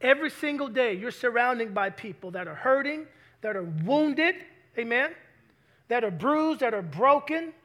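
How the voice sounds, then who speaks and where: A male pastor with a strikingly high voice gives a sermon in a church. His tone is bright and forceful. He keeps calling out questions to the congregation as he preaches. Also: lively intonation, moderate pace.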